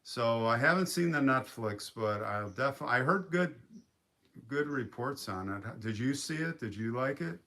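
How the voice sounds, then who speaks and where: A man's voice: medium pitch, lively intonation, normal speed, bright, forceful tone. Rambling man hosting a live stream. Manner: rambling, reads viewer comments aloud. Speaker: livestream host. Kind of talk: casual live-stream chat. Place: quiet home in the woods by a lake.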